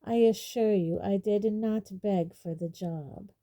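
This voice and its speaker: Brief: cold, sneering male schoolmaster wizard, read by a woman, slow, mellow, silky menace. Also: mid-range voice, natural voice. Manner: quietly waspish, silky.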